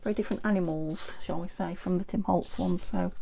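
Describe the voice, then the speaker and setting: A woman's voice: fairly low pitch, fairly even intonation, brisk, vocal fry, warm tone, slight background noise. A British woman from the UK chatting casually while making a craft project, often dropping into a half-whispered mutter to herself. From United Kingdom. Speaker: junk journal crafter. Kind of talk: casual craft vlog chat.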